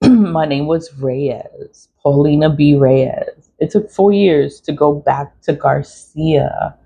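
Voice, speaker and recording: A woman's voice: deep voice, slow pace, vocal fry, dark tone, husky. A middle-aged woman, telling a personal story in a blunt, swearing, venting way with laughs. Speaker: vlogger. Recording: dull lo-fi audio.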